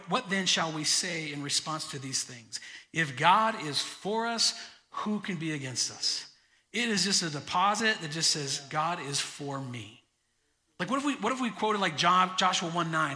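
Bright-voiced male pastor preaching. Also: a little high. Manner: emphatic, slows down to stress key phrases. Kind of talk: sermon. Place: church sanctuary. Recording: church hall reverb.

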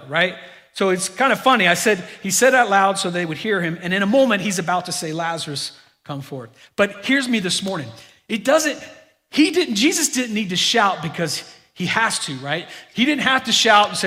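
A middle-aged man preaching a sermon to his congregation, animated and joking with them in asides. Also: high voice, fairly quick. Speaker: pastor. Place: church sanctuary. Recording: long reverb of a large hall.

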